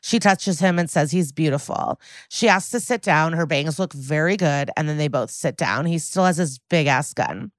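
A woman's voice: low-pitched, expressive, moderate pace, few pauses, dry recording, clean studio sound. A woman co-hosting a podcast, recapping a TV episode in a wry, snarky, casual way and swearing now and then. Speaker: podcast co-host.

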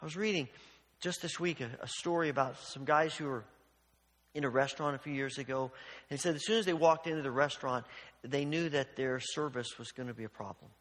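A man's voice: medium pitch, brisk. Earnest preacher man in a reverberant hall. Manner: earnest, repeats words when restarting, drops to quiet near-whispers for emphasis. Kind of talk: sermon.

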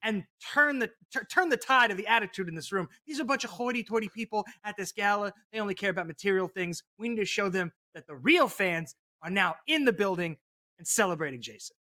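A man playing a tabletop role-playing game, pitching plans with emphatic enthusiasm. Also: lively intonation, quick pace, pushed and bright. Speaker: player. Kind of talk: casual game chat.

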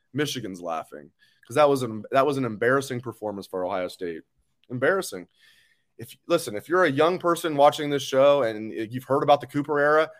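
A man's voice: on the high side, a bit bright. A man hosting a live sports talk stream, ranting angrily and bluntly, with swearing, as he reads viewer comments. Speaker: sports show host.

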